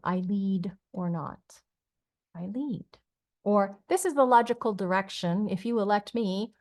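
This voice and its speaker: A woman teaching a class from slides, talking casually and acting out short quoted phrases in changing voices. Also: medium pitch. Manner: animated, acts out quoted phrases in varied voices. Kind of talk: lecture on a system with slides.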